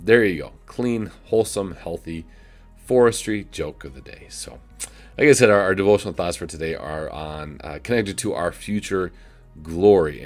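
A man, a pastor giving a short video devotion in a folksy way, with many filler "uh"s. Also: low voice. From United States. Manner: folksy, many filler "uh"s, chuckles at own jokes.

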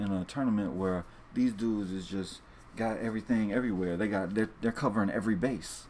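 This man's voice is lowish and darkish, with a bit of background noise in the recording. As a fantasy sports video host, he addresses viewers in a rambling, foul-mouthed monologue full of repeats and restarts.

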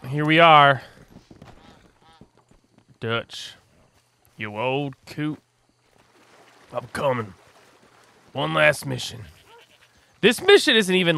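A man hosting a let's play, commenting on the game in an excitable, joking way. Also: fairly high pitch, gravelly. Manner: excitable, joking, often laughing. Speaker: gaming channel host.

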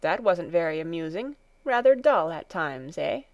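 A woman reading a storybook, voicing a kind, calm male doctor who speaks in a gentle, soothing way. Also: fairly low pitch, moderate pace, no echo, pitched below the performer's own voice.

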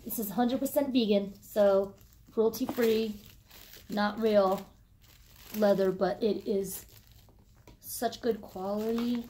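A woman filming a casual unboxing vlog, gushing with excitement and swearing casually as she shows off what she got. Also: medium pitch, slow, long pauses, a little hiss or hum. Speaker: vlogger.

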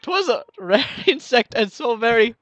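A man's voice: very high voice, very animated, unhurried, fairly bright tone, dry recording, full character voice. A man voicing a formal, fussy male shopkeeper in a put-on Indian accent, reading stiff old-fashioned lines and giggling through them. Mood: mournful.

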